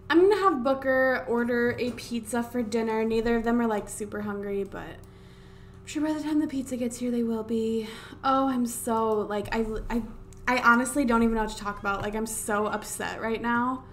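A fairly high-voiced woman doing let's-play commentary into a desk microphone, exasperated and chatty, telling the game characters off. A faint hiss sits behind her voice. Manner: exasperated, talking to the game characters, many drawn-out wows. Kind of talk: casual gameplay commentary. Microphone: desk USB microphone.

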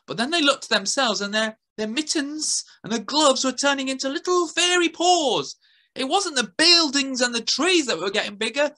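A woman's voice: high-pitched, moderate pace, bright, forceful tone. A woman telling a playful story to children at a school assembly, adding sound effects.

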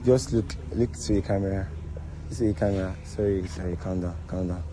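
A man's voice: low voice, steady tone, a little fast, warm tone, slight background noise, rough recording. A man with a Nigerian accent hosting a prank video outdoors, repeating himself in an apologetic, soothing way and laughing often. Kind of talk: casual prank banter.

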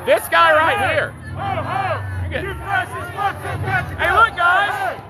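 Man, very high voice, shouting, heckling taunts, sarcastic, outdoor street protest, phone recording, loud crowd behind. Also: very slow. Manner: heckling, repetitive, sarcastic jeers. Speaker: activist filming a street confrontation. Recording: street crowd noise around.

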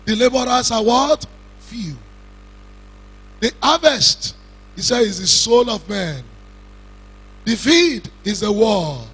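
A man with a Nigerian Yoruba-speaking accent preaching a funeral sermon in a cathedral, slow and emphatic, with shouted lines and questions he puts to the congregation. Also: sits high, big pitch swings, husky, poor audio. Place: large cathedral.

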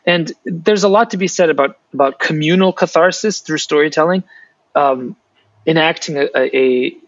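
A man guest on a video-call interview, retelling folk tales in an animated way with frequent restarts. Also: a little high, moderate pace, no room sound, muffled recording. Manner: animated storyteller, restarts often. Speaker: author and guest. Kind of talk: storytelling interview answers.

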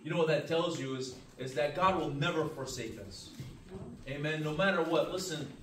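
A man's voice: fairly high pitch, moderate pace. A man teaching a church Bible class as pastor, earnest and emphatic, with frequent amens and restarts. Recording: roomy, distant mic, faint hiss.

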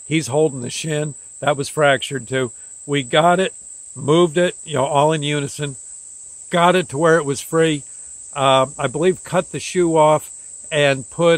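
Older guy telling a story, stops and starts a lot, does the voices, kinda high voice, dry sound. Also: no echo. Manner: rambling, halting, acts out the dialogue. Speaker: host. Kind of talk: casual storytelling.

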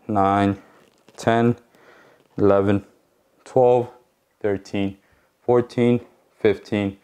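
A man's voice: on the low side, darkish tone, smooth. A man coaching a home workout, counting reps aloud and explaining the muscles plainly, now and then out of breath. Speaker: fitness coach.

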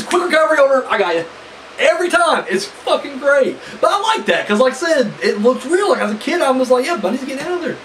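A man's voice: very high-pitched, distant mic, a little hiss or hum, low-quality recording. A man giving a casual, rambling spoken review of a wrestling match, swearing freely and piling up fillers. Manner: animated, profane and rambling, full of fillers.

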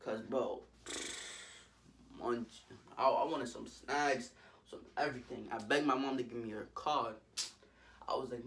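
A young man telling a storytime vlog in an animated, slangy way, jumping into loud voices for the people in it. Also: mid-range voice, moderate pace, distant mic, slight background noise. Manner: jumps into loud character voices. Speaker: vlogger.

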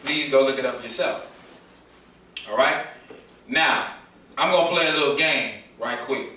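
A man's voice: medium pitch, unhurried, pushed and bright. A man from Detroit giving a live lecture, calling questions out to his audience and playing up the back-and-forth with them. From Detroit, USA. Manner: preachy call-and-response, questions the crowd, playful. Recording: echoey room, distant mic, faint noise.

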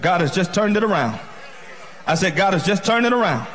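A male pastor preaching an exuberant sermon, shouting and laughing with speech. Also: high voice, animated, a little fast, a little hiss or hum. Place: church sanctuary.

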